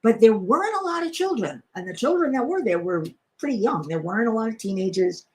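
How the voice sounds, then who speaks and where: A woman's voice: a little high, very animated, quick pace, darkish tone, slight background noise. A middle-aged woman hosting a casual live stream, chatting in a rambling way with many fillers and restarts. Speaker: crafting channel host.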